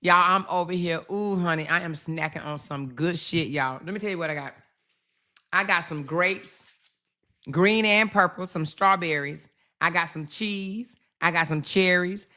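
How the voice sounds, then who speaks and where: Brash, bright-voiced woman livestreamer. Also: lowish voice, measured pace. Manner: brash, profane, calls viewers y'all and honey. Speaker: livestream host. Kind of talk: casual livestream commentary.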